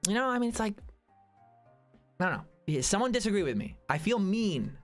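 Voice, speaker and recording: Guy on a chill stream talking at chat, kinda high voice, rambles and restarts a lot, faint music under it. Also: big pitch swings, a little fast. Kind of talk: casual livestream chat.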